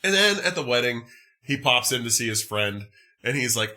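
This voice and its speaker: A man hosting a casual movie podcast, recapping a film in an animated, profane, exasperated way. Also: medium pitch, normal speed. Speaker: podcast host.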